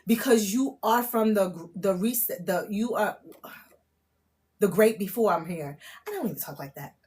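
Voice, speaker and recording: A woman giving a live-streamed spiritual reading, excitable and casual, swearing, laughing at herself and often checking in with "okay?". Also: mid-range voice, unhurried. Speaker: spiritual tarot reader. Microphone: phone or camera mic on a live stream.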